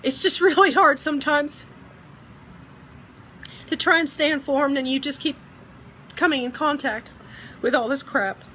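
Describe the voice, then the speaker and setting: A woman speaking earnestly and emotionally in a personal video message, often halting and restarting. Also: high-pitched, sharp tone, slight background noise. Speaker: vlogger.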